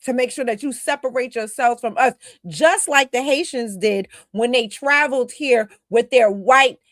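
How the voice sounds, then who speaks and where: A woman's voice: on the high side, moderate pace, fairly bright tone, no echo, clean studio sound. A woman co-hosting a podcast, giving emphatic, scolding commentary aimed straight at her critics. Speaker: podcast co-host. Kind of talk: casual commentary.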